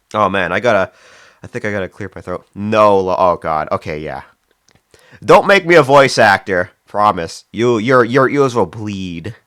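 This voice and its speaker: Male streamer, low voice, dry close sound, chatty and rambling, talks to chat while working. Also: animated, a little slow, a bit bright, no echo. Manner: rambling, reads chat aloud, frequent fillers and restarts. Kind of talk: casual live-stream chat.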